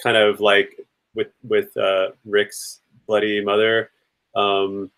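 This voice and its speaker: A man's voice: lowish voice, monotone, takes it slowly, fairly bright tone. Man, tabletop player, casual, rambling, lots of fillers. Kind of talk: casual tabletop role-play chat.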